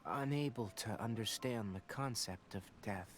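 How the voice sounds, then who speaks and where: An actor playing a somber young male scholar in a game, calm and measured. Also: fairly low pitch, a little hiss or hum, natural voice.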